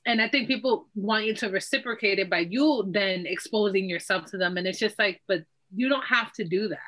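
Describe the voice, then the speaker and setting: A woman's voice: medium pitch, a little fast, fairly bright tone, poor audio. A young woman co-hosting a casual podcast chat, open and talkative, freely sharing about herself. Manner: open, chatty, oversharing. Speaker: podcast co-host.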